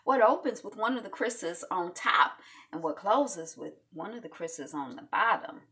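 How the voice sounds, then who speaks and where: A woman hosting a casual video recap of a reality show, chatty and animated, with many fillers. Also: mid-range voice, normal speed.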